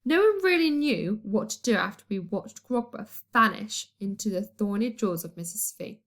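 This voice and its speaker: A woman reading a children's storybook aloud in a playful, expressive way. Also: mid-range voice, moderate pace. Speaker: audiobook reader. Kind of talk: storybook narration.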